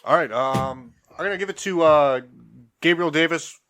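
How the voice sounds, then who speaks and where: A man with a mid-pitched voice chatting easily on a sports podcast over beers. He keeps his remarks short and relaxed. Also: normal speed. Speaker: podcast co-host.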